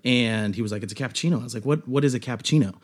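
Male podcast guest, easygoing storyteller, middle pitch. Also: rapid-fire, breathy edge. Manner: easygoing, self-deprecating. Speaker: podcast guest, coffee shop owner. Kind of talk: casual storytelling.

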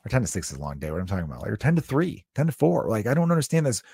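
Excitable swearing man ranting solo. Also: very fast, gravelly, slightly rough, no echo, clean studio sound. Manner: animated, swears often, pitch jumps up in disbelief. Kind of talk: casual solo rant.

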